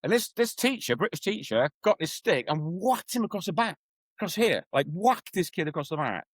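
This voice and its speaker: Animated guy on a podcast, fairly high voice, acts out quotes, dry sound. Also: fairly quick, no echo, poor audio. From Wales. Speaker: guest, educator and coach. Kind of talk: conversational podcast interview.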